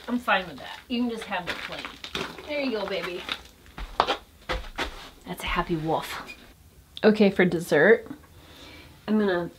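A woman with a slow, easygoing delivery talks casually to the camera. She sometimes drops to a near-whisper and speaks gently to her dog. A faint hiss sits under her voice in a small cabin. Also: mid-range voice. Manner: relaxed and unhurried, softly talks to her dog. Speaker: vlogger. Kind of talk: casual vlog narration. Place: small off-grid wooden cabin, indoors.

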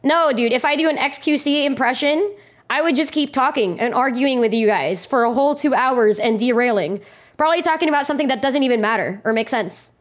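A young woman streamer chatting casually to her viewers, giggly and excitable, and she swears freely. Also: high voice, brisk. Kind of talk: casual live-stream chat.

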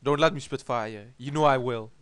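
A man's voice: medium pitch, moderate pace, fairly bright tone, smooth, no room sound. A man with a Dutch accent giving crude, joking commentary while playing a video game, swearing often. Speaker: let's play commentator. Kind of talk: casual gameplay commentary.

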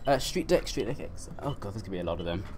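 A man's voice: lowish voice, very animated, very fast, noisy background. A young man chatting on a live stream while playing a game, reading and answering his chat and laughing often.

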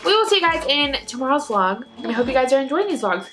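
Young female vlogger, bubbly, chatty, a touch high, talking into a handheld camera over loud music. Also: sing-song, quick pace, poor audio. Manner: bubbly, chatty, says "literally" and "like" often. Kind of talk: casual vlog chat. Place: out and about in a city, then indoors at home. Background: loud background music.

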